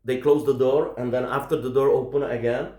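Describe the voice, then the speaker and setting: A man's voice: medium pitch, steady tone, a little fast, warm tone, reverberant. A man with a Russian accent doing stand-up, telling rambling, profane stories in broken English. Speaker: stand-up comedian. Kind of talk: stand-up storytelling.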